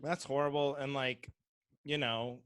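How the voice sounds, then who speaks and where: A man co-hosting a podcast in casual chat, animated and acting out mocking voices. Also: mid-range voice, a little slow, clean tone, dry recording, studio quality. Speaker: podcast co-host.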